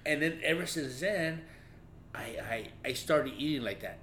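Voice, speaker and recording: Socal guy cussing thru a story, kinda high voice, echoey room w faint hum. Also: animated, normal speed, bright, forceful tone. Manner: profane storytelling, laughs often. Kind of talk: casual chat.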